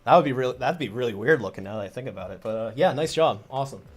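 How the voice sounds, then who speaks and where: A man's voice: mid-range voice, animated, rapid-fire, soft background music. A man hosting a casual livestream as a comic creator, chatty and rambling, full of restarts.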